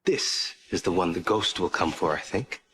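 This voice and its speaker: An actor playing a cold, menacing male villain holding hostages, speaking with calm, polite threat. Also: low voice, moderate pace, background noise. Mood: coolly threatening.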